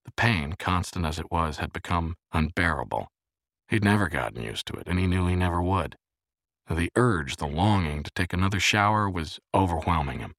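A man narrating an audiobook in a very deep voice with lively, rolling intonation. His reading is measured and expressive, recorded dry and close to the mic. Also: dry recording.

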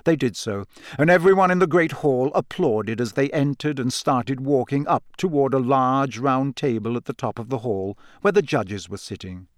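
A man reads a storybook aloud in an even, measured narration. His voice sits in a middle register, neither high nor low. The recording is close and dry, with no room sound. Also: no room sound. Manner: steady storybook reading, lifting the pitch for girls' lines. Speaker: audiobook narrator. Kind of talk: scripted narration.

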